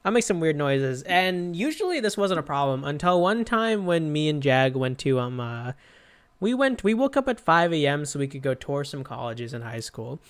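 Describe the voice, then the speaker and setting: A man's voice: on the high side, big pitch swings, moderate pace, clean tone. A young man co-hosting a casual comedy podcast, telling self-deprecating stories in a rambling way, full of fillers. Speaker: podcast co-host.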